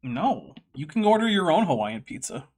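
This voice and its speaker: A man's voice: a little high, big pitch swings, normal speed, darkish tone. A man hosting a casual commentary stream, reading text aloud with wry, sarcastic asides. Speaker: host.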